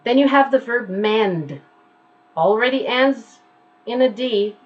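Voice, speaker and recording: Unhurried woman teacher drilling pronunciation from home, patient and repetitive, slightly muffled home recording. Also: a little high, animated. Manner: slow, patient, repeats words to demonstrate sounds. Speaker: English teacher. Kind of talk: online pronunciation lesson.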